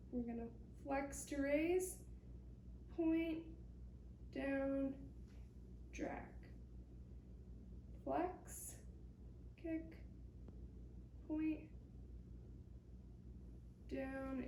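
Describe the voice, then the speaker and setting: A young woman leading a pilates workout, giving calm, encouraging step-by-step cues. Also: sits high, slight background noise. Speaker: pilates instructor. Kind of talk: guided workout instruction. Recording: echoey room, mic at a distance.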